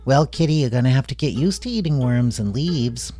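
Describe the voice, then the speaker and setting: A man's voice: mid-range voice, lively intonation, fairly quick, dark tone, faint music behind, pitched above the performer's own voice, close to an everyday voice. A man voicing a grumpy, sarcastic male toy cat in a storybook tale. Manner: sarcastic, whiny.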